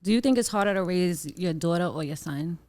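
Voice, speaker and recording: A co-host in a relaxed podcast conversation who asks personal questions and chimes in with short agreements and reactions. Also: mid-range voice, a little fast, no echo. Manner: supportive, asks questions, affirming interjections. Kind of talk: casual chat.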